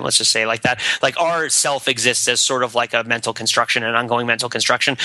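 A man co-hosting a podcast, musing at length in a rambling, animated way with frequent laughs. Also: medium pitch, no echo. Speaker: podcast co-host. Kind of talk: casual discursive chat.

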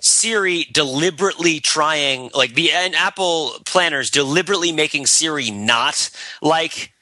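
Man, podcast co-host, bright sharp voice, rambling, repeats himself, dry close recording. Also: fairly high pitch, normal speed, no room sound. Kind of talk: casual discussion.

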